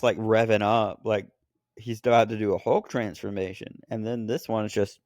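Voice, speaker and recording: Rambling low-voiced man chatting casually. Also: fairly even intonation, normal speed, darkish tone, no room sound, clean studio sound. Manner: rambling, filler-heavy, jokey impressions. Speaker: podcast co-host reviewing films. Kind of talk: casual chat.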